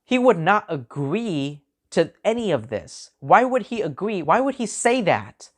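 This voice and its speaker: Rant-style reviewer, male, worked up, circles back on his own questions, halting restarts. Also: high-pitched, sing-song. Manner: agitated, repeats himself, frequent restarts. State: angry. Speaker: movie reviewer. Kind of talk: ranting film review.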